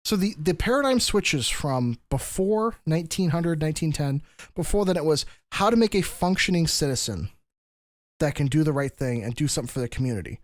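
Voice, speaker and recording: A man's voice: a little high, lively intonation, brisk, no echo, clean studio sound. A man hosting a podcast, explaining history in a casual, lecturing way with frequent restarts. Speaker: podcast host.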